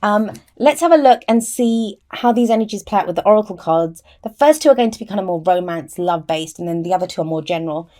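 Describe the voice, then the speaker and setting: A woman does a casual tarot reading to camera, chatting as she explains each card, often restarting sentences and saying "I always say." Her mid-range voice is animated and mellow, quick with hardly any pauses, and the mic sits within arm's reach.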